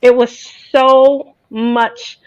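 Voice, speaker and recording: A woman hosting a crafting channel tells stories in a casual, emotional way, close to tears at times. Her voice sits a bit high, and the recording is dry and close. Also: level tone, extremely slow, clean tone, dry recording, highs cut off. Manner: emotional storytelling, tearful. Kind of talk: casual chat.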